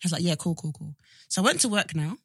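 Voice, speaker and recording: A woman's voice: fairly low pitch, quick pace, slightly rough, no room sound, studio quality. A young woman, co-hosting a casual chat podcast and telling stories animatedly, acting out the dialogue. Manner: animated storyteller who acts out quoted dialogue. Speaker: podcast co-host.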